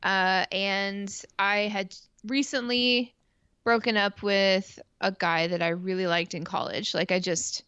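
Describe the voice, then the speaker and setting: A woman's voice: medium pitch, steady tone, slow, a bit bright, clear, resonant tone, no room sound, lo-fi sound. A woman from Canada telling a long personal story in casual chat, rambling with lots of fillers and swearing freely. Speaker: stream co-host.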